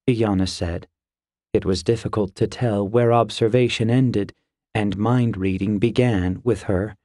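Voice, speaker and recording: A man narrating a fantasy audiobook in a measured, even storytelling voice, recorded close in a quiet booth. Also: on the low side, dry recording.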